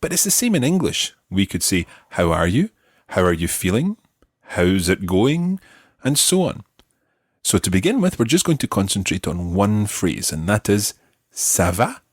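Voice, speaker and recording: A man hosting an audio language lesson, explaining patiently and modeling words slowly for listeners to repeat. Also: fairly low pitch, big pitch swings, breathy edge, no room sound. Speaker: language teacher and host.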